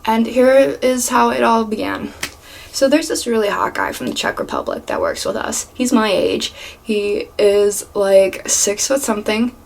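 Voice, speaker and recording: A woman's voice: on the high side, unhurried, gravelly, slight background noise. Chatty young woman telling work stories. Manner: animated, swears freely, drops to whispers for asides. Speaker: vlogger. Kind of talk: casual storytime vlog. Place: home room with a fan.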